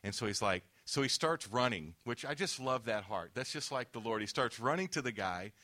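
A man's voice: mid-range voice, animated, moderate pace, pushed and bright. A man preaching a sermon, telling a testimony story and acting out the quoted dialogue.

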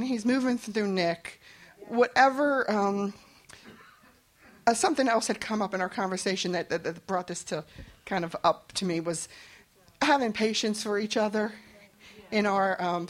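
A woman sharing a testimony at a church meeting, speaking in a halting, earnest way. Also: mid-range voice. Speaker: church member giving testimony. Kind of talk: spoken testimony.

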